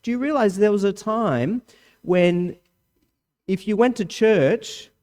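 Male preacher, fairly high voice, emphatic sermon delivery, animated rises and drops. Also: takes it slowly. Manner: emphatic, varies pitch and volume widely for emphasis.

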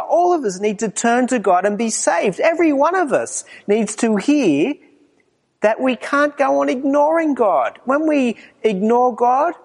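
A man delivers a morning sermon, shifting between quiet, low passages and raised, emphatic lines, with the long reverb of a hall around him.

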